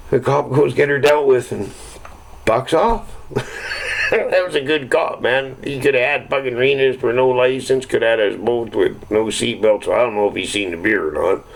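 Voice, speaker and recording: A man's voice: on the low side, gravelly, rough recording. A middle-aged man telling rambling, profane stories in casual chat. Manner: rambling, swears constantly, chuckles at own stories.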